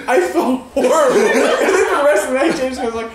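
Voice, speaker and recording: A man's voice: very high voice, a little fast, hardly any pauses, noisy background. A man co-hosting a podcast, rambling through a story with frequent giggles. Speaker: podcast co-host. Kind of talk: casual chat, storytelling. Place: room with friends. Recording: roomy echo.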